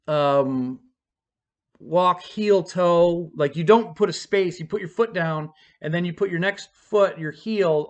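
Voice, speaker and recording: A man casually telling a personal story to camera, rambling and self-deprecating with halting restarts. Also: on the high side.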